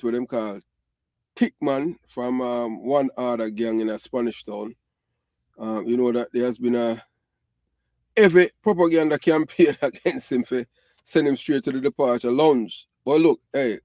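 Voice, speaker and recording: A man's voice: mid-range voice, no room sound. Jamaican man in patois-laced commentary. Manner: animated, repetitive, Patois-mixed talk with frequent fillers. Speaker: channel host. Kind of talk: casual commentary to viewers.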